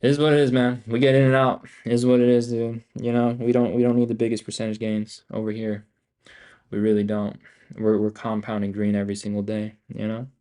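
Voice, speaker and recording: A young man streaming his day trading live, talking in a profane, excitable, rambling way and repeating himself. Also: lowish voice, brisk, clear, resonant tone.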